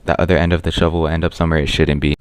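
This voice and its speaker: A young man telling a brash, crude storytime with a deadpan edge. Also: a bass voice, racing, clear, resonant tone. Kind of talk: casual storytime monologue.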